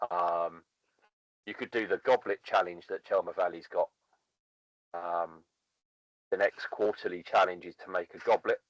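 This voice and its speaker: A man's voice: low-pitched, steady tone, measured pace, long pauses, no echo. A man co-hosting a podcast, chatting casually, giving practical tips and asking questions. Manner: gives practical advice, asks questions. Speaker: podcast co-host. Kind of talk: casual chat. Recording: dull dry lo-fi audio.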